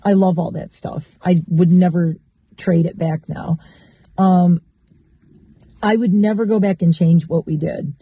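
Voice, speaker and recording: A woman with a very dark, mellow voice muses openly about her life in a confessional vlog. She rambles and circles back on her thoughts in a candid, reflective way. The sound is close and dry, with no room around it. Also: fairly low pitch, steady tone, measured pace, dry recording. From Michigan. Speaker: vlogger.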